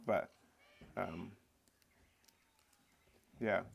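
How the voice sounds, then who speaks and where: A man hosting a live talk stream, telling a story in a relaxed, rambling way full of fillers. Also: sits low, very slow, vocal fry, noisy background. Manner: relaxed, rambling, lots of fillers like "you know" and "eh". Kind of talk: casual storytelling chat.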